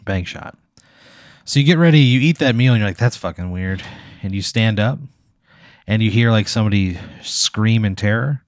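A man's voice: fairly low pitch, normal speed, no echo, clean studio sound. Casual, profane man narrating a game. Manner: casual, profane, vivid storytelling. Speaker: game master.

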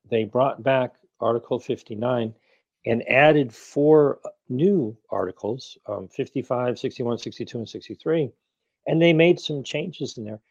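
Emphatic man in his sixties, mellow voice. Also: mid-range voice, no room sound, highs cut off. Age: 60s. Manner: emphatic, argumentative, rhetorical questions. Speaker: activist guest. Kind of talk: interview conversation.

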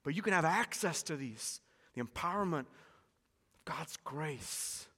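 Animated preacher man in a reverberant hall. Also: fairly high pitch, slow pace, slightly rough. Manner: animated storytelling preacher, repeats key lines. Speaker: pastor. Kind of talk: sermon. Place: church hall. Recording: long reverb of a church hall.

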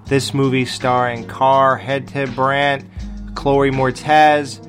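A man's voice: medium pitch, little pitch movement, slow, faint music behind. A man hosting a horror movie podcast, reading a plot summary in a casual, joking way and laughing at his own slips. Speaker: podcast host.

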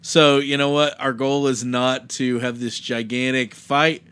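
A young man co-hosting a casual podcast, excitable and jokey, laughing often. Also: medium pitch, a little slow, clean tone. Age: young adult. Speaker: podcast co-host. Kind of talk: casual chat.

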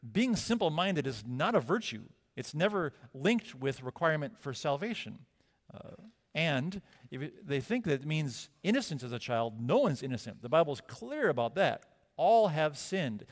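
A male pastor delivering a sermon, conversational and emphatic, asking rhetorical questions. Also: a little high. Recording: long reverb of a church hall.

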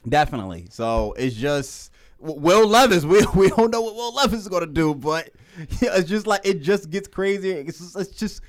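A man's voice: high-pitched, expressive, moderate pace. A man hosting a casual sports talk show, rambling and correcting himself, often laughing. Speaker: host.

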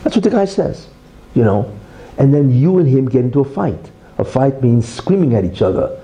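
Speaking at a brisk clip in a medium-pitched voice, this man gives an informal sermon full of rhetorical flourishes. He keeps asking "right?" and saying "you see," and the audio quality is rough.

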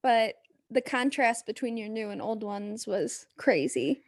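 Bright-voiced woman, teasing co-host. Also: a little high, lively intonation, dry recording, studio quality. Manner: quick reactions, teasing asides. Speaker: podcast co-host. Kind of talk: casual chat.

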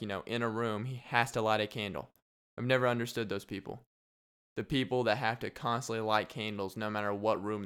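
Young guy riffing on his podcast, goofy and rambly, clean smooth voice. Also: mid-range voice, a bit bright. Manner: rambling, jokey, laughs often. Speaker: podcast host. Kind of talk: casual solo podcast chat.

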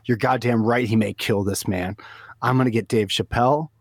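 A man's voice: medium pitch, fairly even intonation, moderate pace, no room sound, clean studio sound. A man on a prank call, acting tough with stammering, mock-aggressive threats. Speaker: prank caller.

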